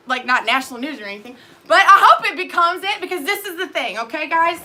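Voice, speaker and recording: A woman, a nurse and lactation consultant, ranting heatedly to camera, swearing constantly and swinging from quiet asides to loud outbursts. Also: sits high, lively intonation. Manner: swearing, heated, fast-shifting loudness. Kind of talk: profane ranting monologue to camera.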